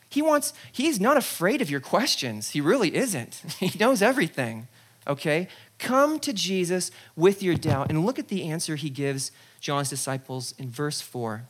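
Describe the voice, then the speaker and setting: Preacher, sermon, lively storytelling, conversational asides, acts out the scene. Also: mid-range voice. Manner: conversational, frequent "okay?" asides. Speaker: pastor.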